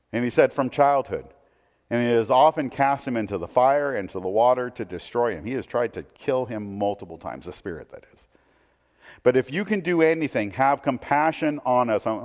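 A pastor giving a sermon, reading scripture aloud and then commenting on it in a conversational way. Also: male voice, medium pitch, a little mellow, big-room sound.

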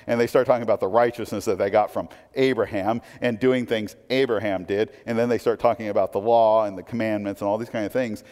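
A man preaching a sermon in a casual, conversational way, often checking in with listeners with quick asides. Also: mid-range voice, darkish tone. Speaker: pastor. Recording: long hall reverb.

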